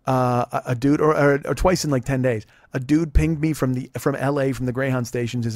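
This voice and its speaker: A man's voice: medium pitch, fairly even intonation, fast, hardly any pauses, darkish tone, no room sound. A man in his forties hosting a podcast, telling rambling, profane comic stories with lots of restarts. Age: 40s. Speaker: podcast host. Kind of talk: casual comedic storytelling.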